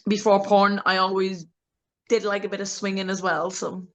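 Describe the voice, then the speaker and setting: A woman, an adult film actress, being interviewed in a candid casual chat, talking bluntly, laughing often and mimicking voices with big pitch jumps. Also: flat delivery, normal speed, rough recording.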